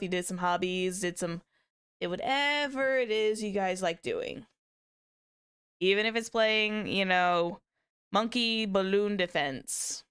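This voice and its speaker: A woman's voice: mid-range voice, fairly bright tone, clear, resonant tone. A woman streamer chatting casually with viewers, rambling with many restarts and small laughs. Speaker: VTuber streamer.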